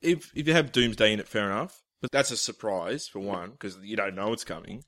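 A man co-hosting a podcast in casual chat, joking, swearing freely and tossing in quick asides. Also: fairly low pitch, animated, a bit bright, no room sound, clean studio sound. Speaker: podcast co-host.

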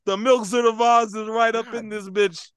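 A man podcast co-host giving a wrestling-style hype introduction in a booming announcer delivery. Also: level tone, normal speed, very noisy.

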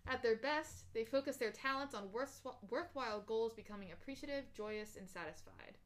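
A young woman co-hosting a podcast chats casually and reads personality test results aloud, using fillers and restarts and laughing easily. Her voice is fairly high and her speed is normal.

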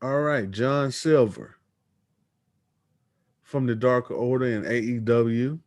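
A man's voice: medium pitch, steady tone, slow pace, darkish tone, no echo. Laid-back man chatting about wrestling. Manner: reads news quotes aloud, easygoing. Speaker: podcast co-host. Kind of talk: casual wrestling chat.

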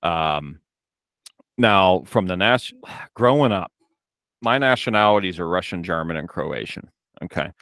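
Low-voiced American man, easygoing chat. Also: expressive, measured pace, creaky, long pauses, a bit bright, no room sound. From United States. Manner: easygoing, rambling storyteller. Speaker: podcast host. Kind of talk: casual podcast chat.

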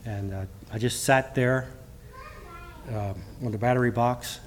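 A middle-aged man preaching a church sermon with personal testimony. He speaks haltingly, restarting often, and reads scripture in King James wording. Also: mid-range voice, fairly even intonation, slight background noise. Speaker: lay preacher.

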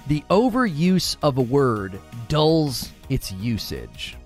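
A man's voice: medium pitch, big pitch swings, slow, soft background music. A man streaming and giving a casual, argumentative rant, repeating and restarting his words as he pushes his point.

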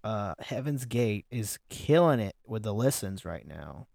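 A man's voice: fairly low pitch, sing-song, unhurried, vocal fry, darkish tone, dry recording, studio quality. A man co-hosting a podcast, chatting casually and teasing his partner with jokes. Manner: teasing, joking. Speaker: podcast co-host. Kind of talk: casual chat.

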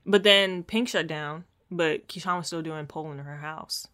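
Playful slangy woman, lower voice. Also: bright, forceful tone, clear, resonant tone. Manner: playful, slangy, quick to laugh. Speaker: podcast co-host. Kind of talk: casual recap chat.

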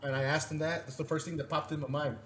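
A man co-hosting a podcast, telling stories in a rambling, profane and animated way. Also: on the high side, fast. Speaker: podcast co-host. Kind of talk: casual storytelling chat. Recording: echoey room with faint noise.

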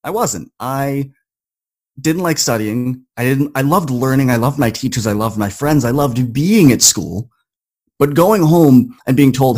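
A man's voice: mid-range voice, animated, measured pace, a little mellow. Guy on a podcast telling a story from his life, acts out what he told himself, gets punchier as it builds. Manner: acts out quoted inner talk with rising emphasis. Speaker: podcast guest. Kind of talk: personal storytelling.

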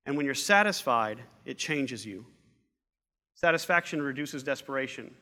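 A man's voice: mid-range voice, lively intonation, moderate pace, bright, forceful tone. A middle-aged man preaching a sermon as pastor, earnest, repeating phrases for emphasis. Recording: long reverb of a large hall.

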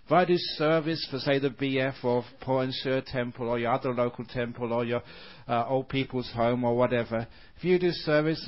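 Monk giving a dharma talk, animated storyteller, average voice, dull recording. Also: male voice, mid-range voice, moderate pace, hardly any pauses. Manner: animated storyteller, laughs often. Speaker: Buddhist monk.

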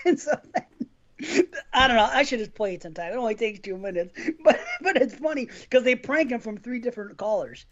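A man's voice: extremely high pitch, animated, a little fast, dull audio. Rambling, laughing podcast host man. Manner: rambling storyteller, laughs often, swears casually. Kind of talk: casual podcast chat.

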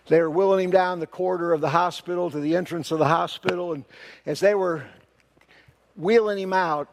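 A male pastor telling a story in a sermon, folksy and earnest. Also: sits high.

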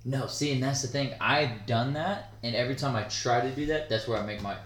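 A man co-hosting a podcast at a middling pitch, his talk loose, rambling and full of swearing. His voice bounces around an echoey room. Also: brisk, fairly bright tone. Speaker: podcast co-host. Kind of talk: casual chat.

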